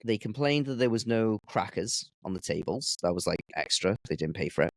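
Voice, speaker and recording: A man who works as a chef, a guest on a podcast, telling anecdotes in a relaxed, casual way. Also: lowish voice, brisk, gravelly, dry recording. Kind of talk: casual chat.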